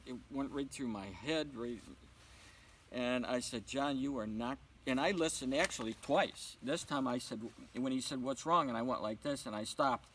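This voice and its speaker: Guy telling a story in an interview, mid pitch, does the voices, bit of background hiss. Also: poor audio. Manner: animated storyteller acting out dialogue. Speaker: interview guest.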